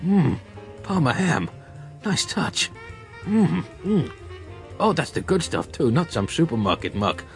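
An exasperated private eye who shrieks every line in high, strained outrage. The voice sits far above a normal speaking register and comes through loud and tense, with a thin haze of music underneath. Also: male voice, very animated, measured pace. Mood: greedy relish. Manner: shouting, hysterical outrage. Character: exasperated hard-boiled male private eye. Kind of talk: comic story reading.

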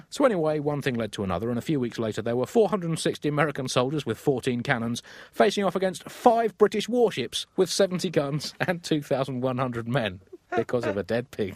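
A man's voice: medium pitch, very animated, a little fast, dry recording. A man hosting a comedy podcast, telling a story with theatrical, gleeful delivery. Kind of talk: comic storytelling.

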